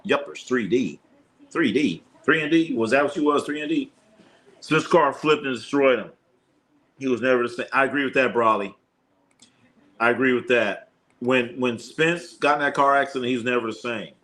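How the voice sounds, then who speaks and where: A man's voice: mid-range voice, normal speed, a bit bright. A man hosting a live sports stream, reading viewer comments aloud and riffing on them with loose, profane jokes. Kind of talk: casual livestream chat reading viewer comments.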